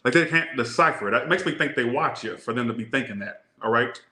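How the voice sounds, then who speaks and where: A man's voice: medium pitch, lively intonation, fast talker, bright, forceful tone. A man with a Southern US accent giving a casual tarot reading, rambling into crude jokes. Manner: joking, rambling, crude asides. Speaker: tarot reader. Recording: echoey room.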